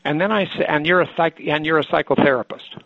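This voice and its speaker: A man's voice: on the high side, fast talker, dry recording. A man training therapists, giving a thoughtful lecture to a group and often restarting his sentences. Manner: thoughtful, explanatory, with frequent restarts. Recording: dull lo-fi sound.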